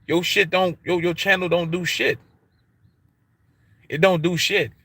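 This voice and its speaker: A man's voice: high-pitched, steady tone, unhurried, pushed and bright, breathy edge. A man with an African American English accent ranting on his livestream in a casual, profane way, repeating himself for emphasis. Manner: repetitive, emphatic, heavy swearing, street slang. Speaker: YouTube livestream host.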